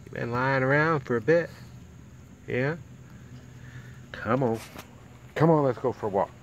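A man's voice: medium pitch, unhurried, dull audio, background noise. A man, a dog breeder, chatting casually and coaxingly to his dogs in a home video. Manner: doting, coaxing talk to his pets.

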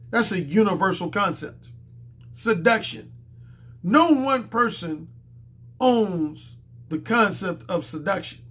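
Hoarse man lecturing emphatically. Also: high voice, fairly bright tone. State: hoarse, strained voice from a cold. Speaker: dating coach. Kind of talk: monologue to camera.

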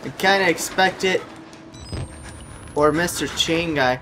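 Music plays behind a man with a fairly high voice who takes his time commentating a horror game. Chatty and jokey, he addresses the characters directly and yelps or shrieks when startled. The recording is a noisy one made at home.

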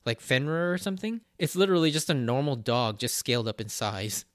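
A man's voice: medium pitch, lively intonation, brisk, no echo, clean studio sound. A man hosting a podcast, recapping episodes in a chatty way, laughing often and drifting into side tangents. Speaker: podcast host.

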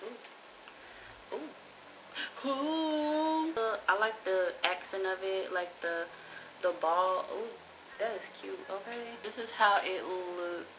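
A woman's voice: mid-range voice, steady tone, measured pace, fairly bright tone, a little hiss or hum, low-quality recording. A young woman, chatting casually and bluntly, with plenty of profanity, while she reviews a haul of cheap jewelry. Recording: music playing behind the voice.

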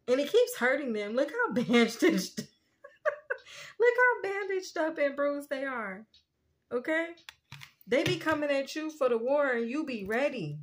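A woman giving a casual spiritual tarot reading, chatty and quick to laugh, often asking "you know what I'm saying". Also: high voice, sing-song. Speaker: tarot reader.

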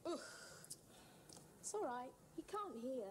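A brisk young ward nurse from a 1970s television drama, crisp and matter-of-fact. Her voice sits a little high. A steady hiss lies under the old broadcast audio.

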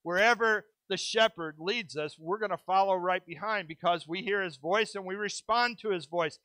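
A middle-aged male pastor delivers a sermon in a high, ringing voice, leaning hard on key words and drawing them out between pauses. He breaks the preaching with quick, self-mocking asides. The sound is close and dry, with no room echo. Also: sharp tone. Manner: drops into quick asides and self-deprecating humor.

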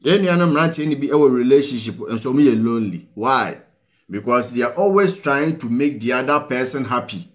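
Ghanaian man, talk show host, earnest advice, keeps asking the audience questions, middle pitch. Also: expressive, brisk. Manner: keeps prodding viewers with "What you say?", mixing Twi and English; earnest, pleading, advice-giving tone. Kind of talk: live call-in talk show.

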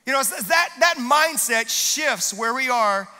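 High, bright-voiced man preaching a sermon. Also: unhurried, clear, resonant tone, big-room sound. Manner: energetic preaching, rising to shouted declarations. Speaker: pastor. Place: church auditorium.

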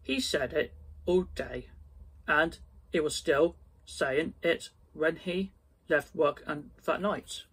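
A man reading a storybook aloud slowly and carefully, with small slips. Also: a little high, a bit bright, breathy edge.

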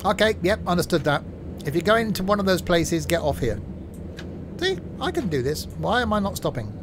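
A man's voice: high voice, very animated, brisk. A man streaming a game, chatting casually and joking while narrating his own driving. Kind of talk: casual gameplay commentary. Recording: game vehicle noise in background.

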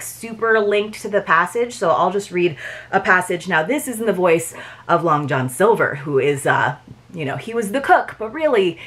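A woman's voice: fairly low pitch, a bit bright. A woman reviewing a book subscription box, gushing in a bubbly, chatty way as she unboxes each item. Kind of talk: unboxing vlog.

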